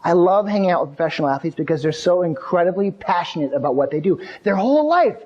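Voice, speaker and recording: Energetic man speaking in a hall. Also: sits high, fast talker, muffled recording. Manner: energetic storytelling, addresses audience directly. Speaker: keynote speaker. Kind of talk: motivational keynote speech. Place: large hall before a live audience. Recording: hall reverb.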